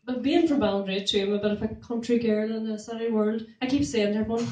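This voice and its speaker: A young woman doing stand-up in a small club, animated, laughing at her own jokes and whooping. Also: on the high side, quick pace, hardly any pauses. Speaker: stand-up comedian. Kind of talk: stand-up comedy set. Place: small comedy club room. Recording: echoey room, mic from far off.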